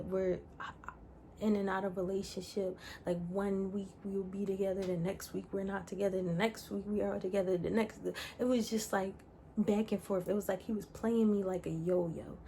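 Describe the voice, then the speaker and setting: A woman's voice: medium pitch, flat delivery, moderate pace, warm tone, slight background noise. A young woman telling a personal story in a casual, candid way, rambling with lots of "like" fillers. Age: young adult. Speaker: vlogger.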